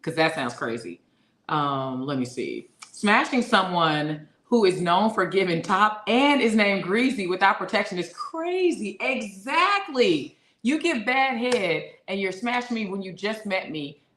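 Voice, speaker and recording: A woman co-hosting a casual podcast, reading listener comments aloud and reacting with quick jokes. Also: mid-range voice, animated, fairly bright tone. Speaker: podcast co-host. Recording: roomy echo.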